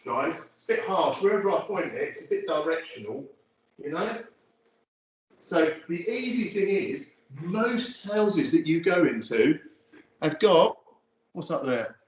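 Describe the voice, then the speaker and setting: A man's voice: a little high, big pitch swings, measured pace. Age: adult. Sex: man. Role: photography lecturer. Style: casual, rambling studio demonstration. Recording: distant, roomy, slightly dull audio with faint hiss. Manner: chatty and rambling, many fillers. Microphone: phone camera from across the room.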